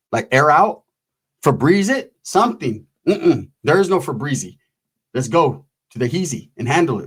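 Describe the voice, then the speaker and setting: A man telling a rowdy personal story in profane slang, acting out the people he quotes. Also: a little high. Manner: profane, animated, acts out quotes.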